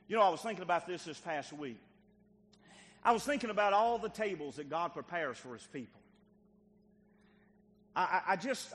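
A man pastor preaching a sermon in a church, acting out the voices of biblical figures and swinging between loud calls and quiet, tender passages. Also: high-pitched, big-room sound. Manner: dramatic preaching, acts out biblical dialogue, swings loud to soft. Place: church sanctuary.

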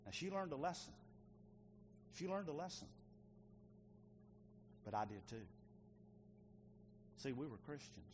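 A middle-aged male pastor preaching a sermon, swinging between loud and hushed delivery. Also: a little high, sing-song, a little slow, long pauses, background noise. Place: church sanctuary.

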